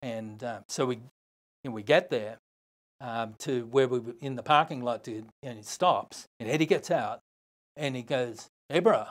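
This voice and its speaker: An older man with an Australian accent, a podcast guest telling a long story in a lively, casual way, acting out other people's lines. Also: medium pitch, normal speed. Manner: animated, swearing, acts out other voices.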